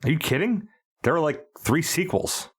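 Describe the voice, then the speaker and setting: A man's voice: on the high side, moderate pace, breathy edge. A man in his early forties co-hosting a comedy movie podcast, spinning absurd gross-out bits. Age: early 40s. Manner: spins absurd gross-out bits, pushy and animated. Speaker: podcast co-host.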